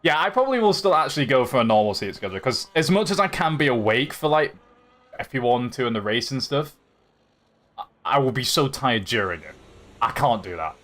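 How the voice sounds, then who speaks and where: Here the Yorkshire streamer talks briskly in a medium pitch, very animated and a bit bright. This young man, whose Yorkshire accent is light, keeps things casual, reading the chat out loud and laughing often while he rambles.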